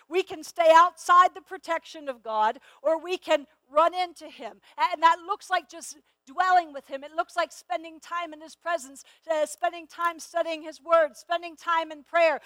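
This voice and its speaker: A middle-aged woman gives a sermon with a very high voice. She speaks earnestly, stumbling over repeated words and slowing down on the phrases she wants to land. The recording is close and dry, with no room sound. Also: fairly bright tone, dry recording. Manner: earnest, repeats words when starting, slows to stress key phrases. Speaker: Bible teacher.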